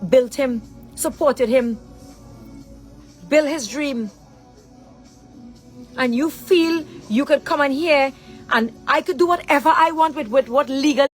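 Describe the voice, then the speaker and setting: Confrontational woman, high voice. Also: slow pace, pauses often, soft background music, rough recording. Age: middle-aged. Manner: confrontational, keeps asking "huh?" rhetorically. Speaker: mother addressing her daughter. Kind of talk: angry direct-to-camera rant.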